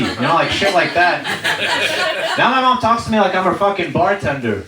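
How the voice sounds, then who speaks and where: A man's voice: high voice, fairly quick. Male stand-up from Uzbekistan, bouncy delivery, crude asides, echoey distant live-venue sound. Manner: crude, animated storytelling with many asides. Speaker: stand-up comedian. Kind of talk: stand-up comedy set. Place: comedy stage before a live audience. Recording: echoey venue from far off, loud noise.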